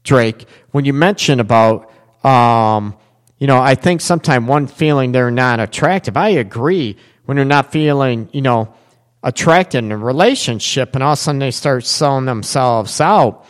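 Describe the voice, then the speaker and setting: A man's voice: medium pitch, animated, moderate pace, clear, resonant tone. A man hosting a relationship talk radio show, speaking in a plain mid-range voice. He talks bluntly and casually, rambling and stacking up fillers as he goes. His voice carries a long, hall-like reverb.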